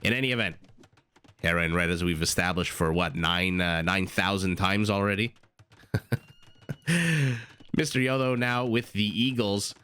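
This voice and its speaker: Low-voiced excitable game caster. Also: male voice, clean tone. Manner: excitable, quick asides and self-corrections. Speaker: esports caster. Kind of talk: live play-by-play commentary.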